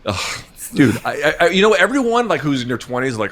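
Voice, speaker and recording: A man in his forties, an interview guest, talking casually on a video call in a rambling, halting way, swearing often. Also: medium pitch, very animated, a bit bright. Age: 40s. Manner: rambling, halting, emotional and profane. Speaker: interview guest, MMA journalist.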